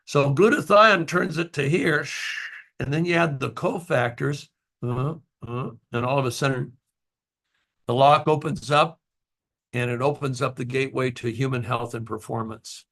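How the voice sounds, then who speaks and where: A man's voice: medium pitch, fairly even intonation, moderate pace, fairly bright tone. A man, the company's founder, giving a casual, earnest motivational talk to distributors, rambling with fillers and restarts and getting emotional at times.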